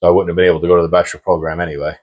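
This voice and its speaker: A man's voice: low voice, little pitch movement, very fast, highs cut off. A man in his forties, a chef guest speaking easily in a casual interview. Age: 40s.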